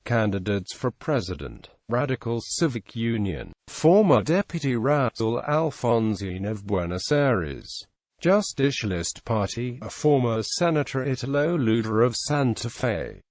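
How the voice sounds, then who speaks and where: A synthetic male voice reading an encyclopedia article in a steady, even way, with odd pauses. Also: mid-range voice, dry recording.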